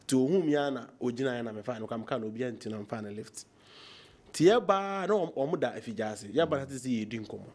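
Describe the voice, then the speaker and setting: A man's voice: mid-range voice, lively intonation, fast talker, a little mellow. A Ghanaian man speaking with passion on a political talk show, mixing Twi and English. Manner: impassioned, mixes Twi and English.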